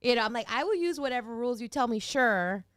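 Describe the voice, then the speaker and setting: Smooth-voiced woman, playful radio chat. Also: on the high side, animated, fast talker, a bit bright, dry recording, studio quality. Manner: playful, acts out quotes with laughter. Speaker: radio co-host. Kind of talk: casual chat.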